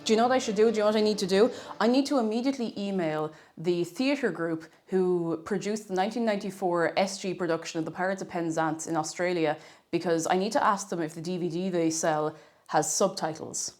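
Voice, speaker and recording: A woman with a fairly low pitch and a darkish tone speaks fairly quickly on a live stream. She chats casually and playfully with viewers, giggling a lot and occasionally humming to herself.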